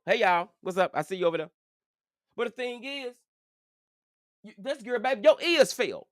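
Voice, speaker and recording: A man's voice: sits high, lively intonation, moderate pace, pauses often, dry recording, studio quality. A man hosting a casual commentary vlog, sassy and profane, repeating phrases for emphasis. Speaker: channel host.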